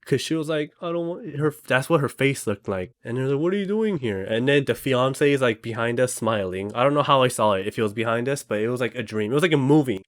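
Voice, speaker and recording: A man's voice: mid-range voice, fast talker, few pauses. A young man in casual chat, telling a dream with lots of fillers and acted quotes. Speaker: storyteller.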